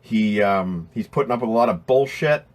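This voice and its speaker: A man's voice: fairly low pitch, lively intonation, normal speed, darkish tone. A man hosting a casual live stream, rambling and swearing as he reads out chat names, his throat strained from voiceover work.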